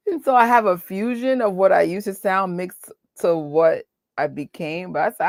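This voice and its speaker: A woman in her forties with a New York accent, hosting a casual chat, animated and laughing often. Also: mid-range voice, no echo. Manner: animated, laughs often, talks in quick bursts. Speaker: host.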